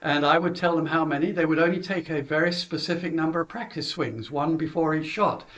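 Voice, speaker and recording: A man's voice: a little high, fairly quick, fairly bright tone, highs cut off. A middle-aged British man, a golf coach, chattily recounting how he runs his junior lessons, with chuckles and filler words. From Britain.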